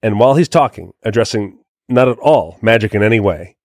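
A man co-hosting a podcast, telling anecdotes in a lively, chatty way in casual conversation. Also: fairly low pitch, brisk, no room sound. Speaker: podcast co-host. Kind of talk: casual chat, storytelling.

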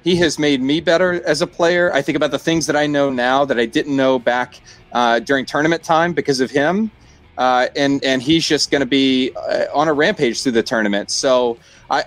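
A man's voice: medium pitch, normal speed. A man, a trivia competitor and new champion, chatting humbly and joking in a post-match interview. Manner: humble, joking, laughs often.

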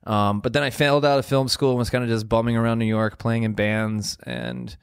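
A man's voice: medium pitch, level tone, fairly quick, clear, resonant tone, no echo, studio quality. A man from Baltimore in his forties, a guest telling long self-deprecating stories with many restarts in casual chat. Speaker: guest actor.

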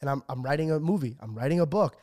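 A man's voice: fairly high pitch, expressive, fast, darkish tone. A young man in his twenties on a casual podcast, telling a story with a lot of swearing and acting out what others said. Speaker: podcast co-host.

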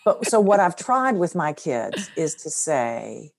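A middle-aged woman sharing a personal faith story in conversation, earnest and soft-spoken. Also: low voice, big pitch swings, a little slow, vocal fry. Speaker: guest.

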